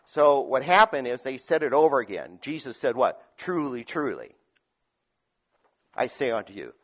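A man preaching a sermon, reading scripture aloud and explaining it, moving between loud emphatic lines and quiet asides with frequent chuckles. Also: mid-range voice, big pitch swings, moderate pace. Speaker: pastor.

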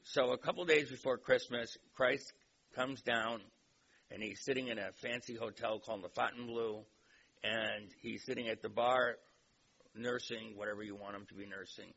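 A man's voice: mid-range voice, steady tone, moderate pace, gravelly, pushed and bright. A man giving a lecture in a chatty, digressive way and telling a joke, on a dull recording with faint hiss. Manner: conversational, digressive storyteller.

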